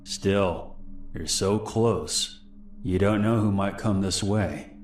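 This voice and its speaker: A man voicing a creepy smiling male stranger in his twenties, who speaks in a falsely friendly and quietly menacing way. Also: sits low, takes it slowly, echoey room, slight background noise. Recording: faint music underneath.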